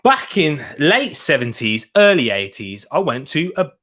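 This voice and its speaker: A man's voice: on the high side, sing-song, measured pace, fairly bright tone. A young man hosting a casual football watch-along, chatting to viewers while eating and laughing often. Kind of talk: casual live-stream chat reading comments.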